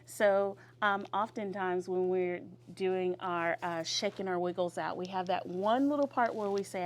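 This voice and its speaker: A woman teaching young children vocabulary in a classroom, leading them in call-and-response. She draws words out and praises each answer. Her voice sits at a middle pitch over a faint hiss. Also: moderate pace, few pauses, a little mellow.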